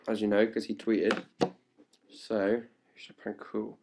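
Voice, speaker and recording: A young man chatting live to fans on a webcam at home, hyper and playful and growing louder as he goes. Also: lowish voice, flat delivery, normal speed. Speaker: livestream host answering fan questions. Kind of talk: casual live webcam chat. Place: indoors at home. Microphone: laptop webcam mic.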